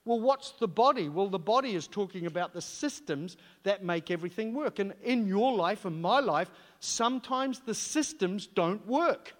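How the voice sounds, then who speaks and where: A man's voice: high voice, animated, moderate pace, few pauses. A man preaching a sermon, emphatic and direct, with rhetorical questions to the congregation. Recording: long hall reverb.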